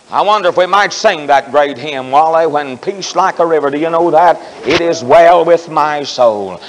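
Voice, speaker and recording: Man, preacher, fairly high voice, fervent storytelling, long echo of a 1978 tabernacle recording. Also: moderate pace, hardly any pauses. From Ohio. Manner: storytelling, rising to fervent shouting. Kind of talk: camp meeting sermon. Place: camp meeting tabernacle.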